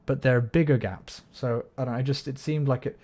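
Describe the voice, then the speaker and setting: A man's voice: mid-range voice, a little fast, a little mellow. A man chatting casually on a livestream, explaining music theory, humming melodies and swearing when frustrated. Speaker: streamer. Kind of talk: casual livestream chat while gaming.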